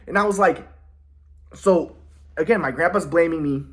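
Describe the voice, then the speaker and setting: A man's voice: on the high side, moderate pace, pauses often. A man in a rambling personal monologue who sounds aggrieved, often restarts his sentences, and swears. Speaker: vlogger.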